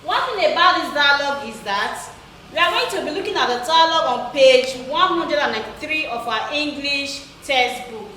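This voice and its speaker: High, bright-voiced woman teaching from far off. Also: expressive, slight background noise. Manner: slow, repetitive, instructional, repeats key phrases. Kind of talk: recorded remote English lesson. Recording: echoey room, voice from far off.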